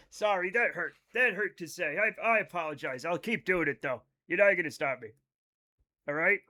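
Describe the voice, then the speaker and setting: An American man in his thirties streams a game live, joking casually and reading chat aloud. His voice sits high and bright with a forceful tone, at a moderate pace.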